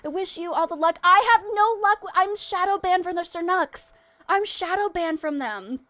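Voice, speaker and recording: Very high-voiced bubbly woman streamer. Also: normal speed, no echo. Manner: bubbly and excitable, laughs often. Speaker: variety streamer. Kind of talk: live game stream chat.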